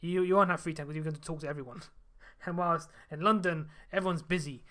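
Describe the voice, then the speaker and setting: A man hosts a relaxed podcast chat. He talks quickly in casual slang, restarting his sentences as he goes. His voice sits a touch high for a man. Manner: rapid, slangy, self-interrupting. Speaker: podcast host.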